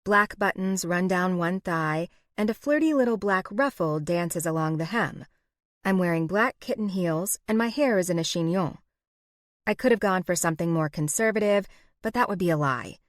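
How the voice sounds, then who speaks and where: A woman narrating a first-person romance audiobook in an expressive, wry way, close to the mic. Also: on the low side, normal speed, no echo.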